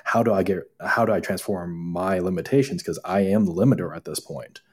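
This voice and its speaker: Deep-voiced man telling animated clinic stories. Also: fairly quick, husky. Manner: animated, acts out quoted dialogue. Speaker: acupuncturist guest. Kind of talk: casual storytelling conversation.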